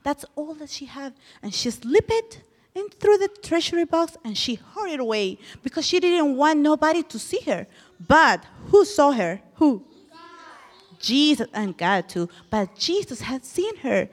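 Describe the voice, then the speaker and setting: High, lively woman telling children a Bible story. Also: a little slow, big-room sound. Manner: animated, asks children questions. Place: church.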